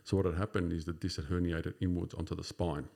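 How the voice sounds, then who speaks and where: Gravelly deep-voiced Australian man in his fifties. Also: flat delivery, fast, warm tone. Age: 50s. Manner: rambling, full of "sort of" and "you know" fillers. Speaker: podcast guest. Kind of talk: casual conversational storytelling.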